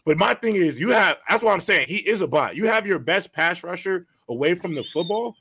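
A man's voice: high-pitched, expressive, a little fast, bright, forceful tone, slight background noise. A man co-hosting a casual sports podcast, making his points emphatically and repeating them. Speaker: podcast co-host.

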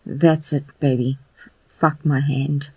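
A narrator voicing an affectionate adult man who speaks in a low, intimate, unhurried way. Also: flat delivery, mellow, slightly rough, dry recording, poor audio. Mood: tender, coaxing.

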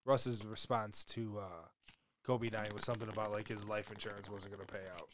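A man's voice: fairly low pitch, flat delivery, fairly quick, a little hiss or hum. A young man co-hosting a podcast, talking casually in a rambling way with many restarts and easy laughs. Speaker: podcast co-host. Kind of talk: casual chat.

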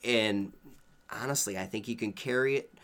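A man talking casually about movie casting, easygoing and quick to laugh. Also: on the low side, fairly bright tone. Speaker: podcast co-host.

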